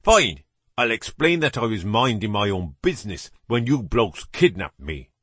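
A man voicing a defiant, bearded working man from with a rough, blustering manner. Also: fairly low pitch, sing-song, moderate pace, fairly bright tone, no room sound, heavily acted. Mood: defiant, pleading.

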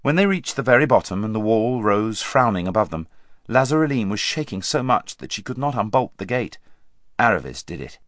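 Expressive male storybook narrator. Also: on the low side, no room sound. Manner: measured and expressive. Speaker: audiobook narrator. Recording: dry close studio sound.

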